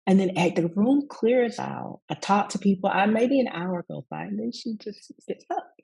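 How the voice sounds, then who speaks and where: A woman from the Deep South, a yoga teacher telling a personal story in conversation and often breaking into laughing asides and tag questions. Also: lively intonation, moderate pace, gravelly, mellow, husky, low-quality recording.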